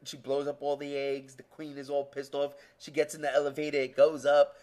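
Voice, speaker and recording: A man co-hosting a podcast, talking about movies in an excitable way with lots of swearing. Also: fairly high pitch, a little fast. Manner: excitable, swearing, re-enacts scenes. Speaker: podcast co-host. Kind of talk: casual movie chat.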